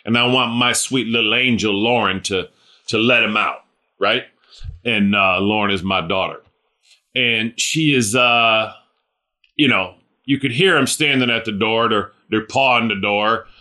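A man's voice: fairly low pitch, measured pace, pushed and bright. A middle-aged man preaching a sermon in a conversational way, often checking in with "right?" and "you know". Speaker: pastor.

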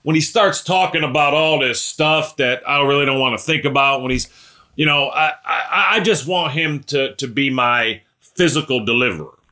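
A man preaching a sermon. His voice is bright and forceful at a middle pitch. He leans hard on key lines, then drops into hushed, mumbled asides. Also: moderate pace. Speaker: pastor.

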